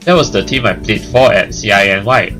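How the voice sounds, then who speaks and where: A man's voice: fairly low pitch, brisk, a bit bright, soft background music, low-quality recording. A young man hosting a let's play, reading the narration aloud and adding joking, sarcastic asides.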